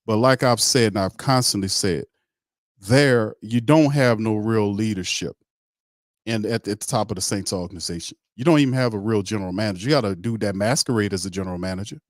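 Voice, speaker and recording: A man's voice: fairly low pitch, brisk, no echo, studio quality. A man hosting a sports talk show, giving blunt, emphatic, heated opinions in casual slang.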